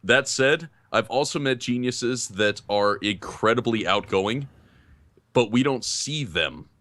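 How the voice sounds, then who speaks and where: A man co-hosting a podcast, giving a casual film review in an animated, self-deprecating way and laughing often. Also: medium pitch, slow, no room sound. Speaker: podcast co-host.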